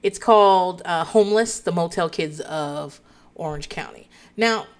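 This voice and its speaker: Woman, 30s, podcast host; profane, animated storyteller who laughs a lot. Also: lowish voice, measured pace. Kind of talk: casual storytelling chat.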